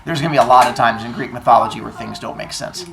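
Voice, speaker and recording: A man's voice: medium pitch, quick pace, creaky, roomy sound, recorded from a distance, a crowd in the background. A male teacher telling myths to his class, playful and acting out scenes with sound effects. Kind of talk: classroom storytelling.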